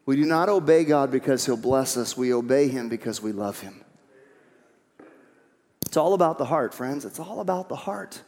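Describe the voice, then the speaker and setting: A man's voice: mid-range voice, expressive, moderate pace, darkish tone. A man preaching a sermon as pastor, emphatic, repeating key phrases and coaxing the congregation along. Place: church sanctuary. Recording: long hall reverb.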